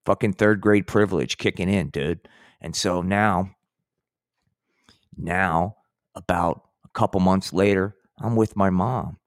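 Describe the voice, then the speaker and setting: A man's voice: low-pitched, measured pace, dry recording, studio quality. A middle-aged man hosting a podcast, telling a long profane story in a rambling way and saying "man" often. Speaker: podcast host.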